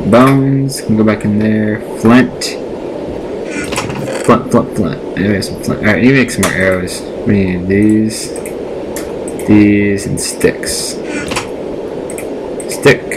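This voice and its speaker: A man's voice: fairly low pitch, slow pace, pauses often. A man chatting casually to himself and his viewers as he plays a game, recorded on a built-in laptop microphone. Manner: chatty, rambling self-talk to viewers. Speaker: let's play gamer. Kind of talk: casual gameplay commentary. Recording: noisy lo-fi laptop mic recording.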